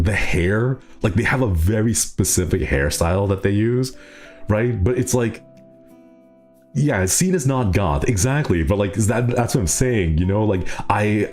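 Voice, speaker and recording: A young man with an extremely low voice chats casually with his stream audience. He rambles, restarts sentences and laughs often. Faint music plays in the background. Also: darkish tone. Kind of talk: casual chat reading viewer comments.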